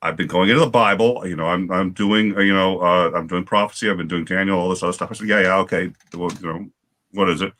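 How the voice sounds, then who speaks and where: A man telling a story on a livestream panel in casual chat, animated and halting, with many restarts. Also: low-pitched.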